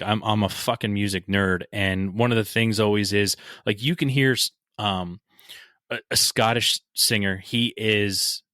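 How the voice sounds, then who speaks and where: Low-voiced man, casual and dry. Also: fairly bright tone, dry recording. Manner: casual, enthusiastic, swears freely. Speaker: podcast host. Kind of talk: casual podcast interview.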